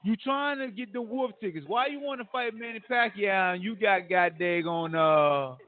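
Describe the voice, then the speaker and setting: High-voiced man ranting on a lo-fi line. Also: moderate pace, no room sound. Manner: animated, trash-talking rant with slang. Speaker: podcast host. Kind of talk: casual sports talk. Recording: phone-like narrow audio.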